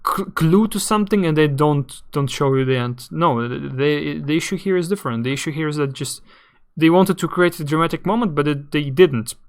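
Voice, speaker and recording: Brief: young male streamer, fairly high and smooth voice, rambling and halting. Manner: rambling, halting, searching for words. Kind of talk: casual live game commentary.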